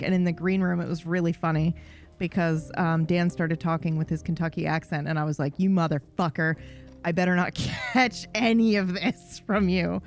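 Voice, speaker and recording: A woman's voice: sits low, gravelly, a little mellow. A woman livestreamer in casual chat, rambling and swearing freely with a self-deprecating streak.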